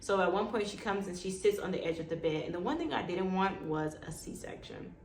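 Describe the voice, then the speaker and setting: Gravelly-voiced woman telling a personal story. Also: fairly low pitch, fairly quick. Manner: animated, acts out quoted dialogue. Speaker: vlogger. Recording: echoey room with faint background noise.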